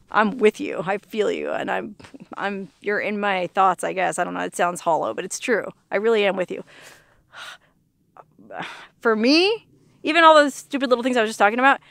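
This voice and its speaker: A woman's voice: on the high side, fairly bright tone, no echo, studio quality. A woman talking to camera outdoors in the desert, chatty and earnest, laughing often and using folksy exclamations. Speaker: vlogger. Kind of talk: casual outdoor vlog monologue. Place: outdoors in the desert near Las Vegas.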